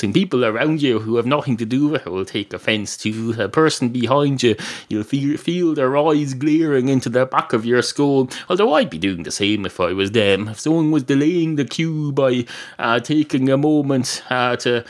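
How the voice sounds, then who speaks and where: A man's voice: medium pitch, normal speed. A man hosting a podcast, delivering a rambling comic monologue that digresses and interrupts itself with frequent uhs. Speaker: podcast host.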